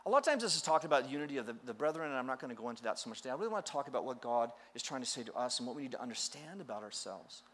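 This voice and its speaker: A man's voice: mid-range voice, sing-song, racing, few pauses, fairly bright tone. A middle-aged man preaching a sermon, telling stories with playful acted-out quotes and self-deprecating humor. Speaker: pastor.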